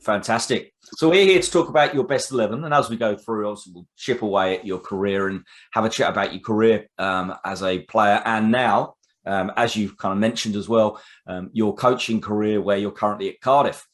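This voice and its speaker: A man hosting a football podcast, talking casually with frequent pauses and fillers. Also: on the low side. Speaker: podcast host. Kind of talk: casual interview.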